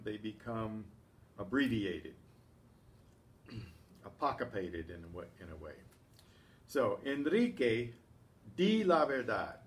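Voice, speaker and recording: A man teaching a language lesson, reading Spanish example sentences, then explaining them in English and often clearing his throat. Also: mid-range voice, a bit bright, distant mic. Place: classroom or community center room.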